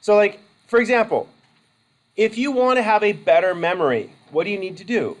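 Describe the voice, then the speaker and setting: A little fast and high-voiced, a male college instructor chats his way through a wandering classroom lecture, often stopping himself mid-sentence. The audio is low quality.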